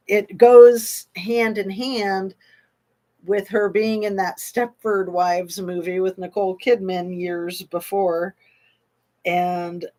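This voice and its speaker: Slow, meandering woman hosting a livestream. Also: on the low side, dark tone. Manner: slow, meandering, with frequent pauses and fillers; reads viewer comments aloud and answers them. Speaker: livestream host. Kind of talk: casual livestream chat about a true crime case.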